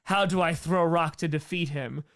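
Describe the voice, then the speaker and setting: An earnest young warrior brother, solemn and grateful as he seeks guidance, as a man acts him out in his own slightly high voice. The voice is smooth and clear, told like a mock-epic story. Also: fairly even intonation, normal speed, a bit bright.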